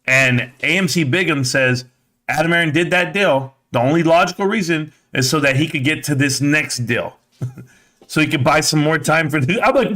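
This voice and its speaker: A man's voice: a little high, normal speed, bright, forceful tone. Blunt, mocking male stream host. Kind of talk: reaction commentary.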